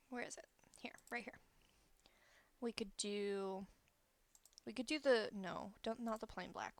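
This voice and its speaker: A woman streamer talks through her build in a casual, chatty way, often changing her mind mid-sentence. Her voice carries a gravelly fry, sitting right up against a close microphone in a dry, dead-sounding space. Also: mid-range voice, dry recording. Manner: chatty, thinking aloud while building, self-correcting. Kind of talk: casual gameplay commentary.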